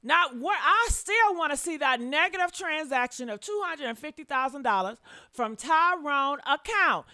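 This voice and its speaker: Woman stream host, high bright voice, loud and profane, exclaiming. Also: animated, moderate pace. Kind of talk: heated live-stream commentary.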